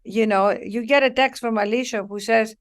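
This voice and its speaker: A woman's voice: on the high side, fairly even intonation, normal speed. A woman, a guest author talking about spirit, acting out little dialogues and lingering on key words. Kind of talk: warm spiritual interview talk.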